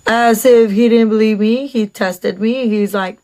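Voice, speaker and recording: A woman's voice: fairly high pitch, moderate pace, hardly any pauses, a little mellow. A woman telling a casual storytime about a date, chatty and sarcastic, with lots of fillers and asides.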